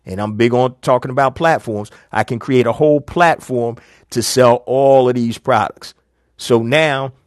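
A man's voice: mid-range voice, dry recording, studio quality. A middle-aged man hosting a live business advice show, talking casually and telling stories with quoted dialogue. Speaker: business coach host.

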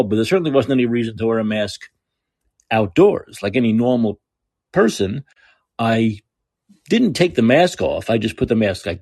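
A man rants into the mic, sarcastic and profane, wandering off on tangents. His husky voice swings up and down with lively pitch. The sound is dry and close. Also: no room sound. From New York. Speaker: podcast host. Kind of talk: ranting monologue.

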